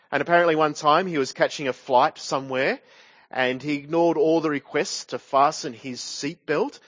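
A man's voice: fairly high pitch, a bit bright, no echo, highs cut off. Man preaching with rhetorical tag questions. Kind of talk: sermon.

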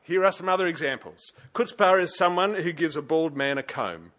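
A man's voice: a little high, normal speed, fairly bright tone, lo-fi sound. A man with an Australian accent preaching a sermon in a conversational, wryly humorous way, with frequent hesitations, in a church. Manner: conversational, chatty, with frequent uh fillers and wry humour. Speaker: pastor.

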